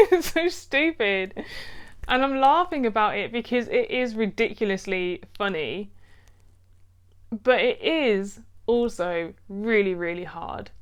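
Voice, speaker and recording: A young woman talking candidly to camera in a personal vlog, frank and quick to laugh, swearing casually. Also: mid-range voice, smooth. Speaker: vlogger.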